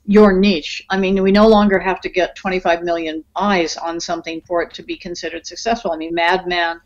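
A woman's voice: on the low side, fairly even intonation, a little fast, lo-fi sound. A woman guest screenwriter talking casually in a podcast interview, chatty, with many fillers and easy laughs. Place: in Los Angeles.

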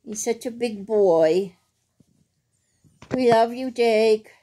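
A woman's voice: on the high side, takes it slowly, mellow. A woman reading a bedtime picture book aloud at home, stopping for chatty asides to her dog. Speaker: reader of a children's picture book.

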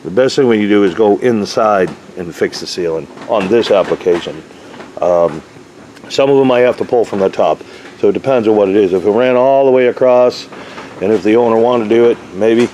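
Brief: working roofer, mellow, folksy, chatty, faint hiss behind. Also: male voice, fairly low pitch, a little fast, low-quality recording. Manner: folksy, rambling, lots of fillers. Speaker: RV roof installer. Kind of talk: casual job-site walkthrough.

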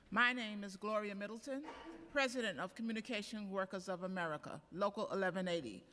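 Woman union leader, bright, emphatic testimony, reverberant chamber. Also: mid-range voice, a little hiss or hum. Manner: earnest, emphatic, reads prepared points. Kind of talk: public hearing testimony. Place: council chambers at city hall. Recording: council chamber, long reverb.

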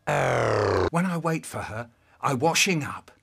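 A man telling a comic story in a slow, drawn-out way with a very husky voice. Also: mid-range voice, big pitch swings, a bit bright.

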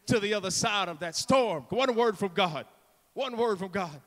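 A man preaching in a church with a high, bright, cutting voice, theatrical and full of fervor. He acts out the story and keeps urging the congregation on, and his words ring out with a long reverb through the hall. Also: expressive, fairly quick. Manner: urges the congregation with repeated calls. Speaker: guest preacher. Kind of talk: sermon. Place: church sanctuary.

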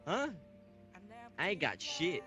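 A man's voice: fairly high pitch, wildly swooping pitch, slow, over music. A man playing a street-tough son in an online game roleplay, brash and slangy, swearing freely.

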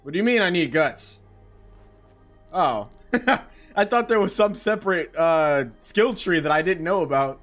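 A man giving casual let's-play commentary, excitable, swearing and reading game text aloud. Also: high voice, a little slow, faint music behind. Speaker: gaming channel host.

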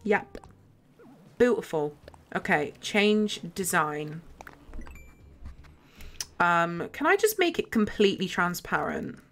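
A woman's voice: lowish voice, big pitch swings, slow pace, long pauses, fairly bright tone, soft background music. A young woman livestreaming a game from her bedroom, chatting casually and giggling as she plays. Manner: chatty, giggly, talks to herself while playing. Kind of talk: casual gameplay chat. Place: home bedroom.

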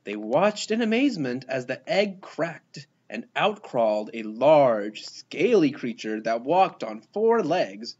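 Guy reading a kids picture book out loud, really animated, kinda husky, muffled lo-fi sound. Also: mid-range voice, a little slow, hardly any pauses. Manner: lively, expressive reading with voiced characters. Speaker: storybook reader. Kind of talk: children's picture book read-aloud.

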